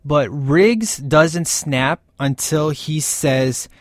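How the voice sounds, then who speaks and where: A man talking casually and with excitement through a movie's scenes, gushing as he goes and often tagging "man" onto his lines. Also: fairly high pitch, extremely slow, no room sound, studio quality. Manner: gushing and animated, keeps saying "man". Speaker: film commentator.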